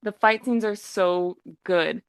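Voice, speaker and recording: A woman on a podcast, retelling a story in a lively, casual way and acting out the characters' lines. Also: mid-range voice, slow pace, clean tone, no echo. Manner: animated storytelling, acting out quotes. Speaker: podcast co-host.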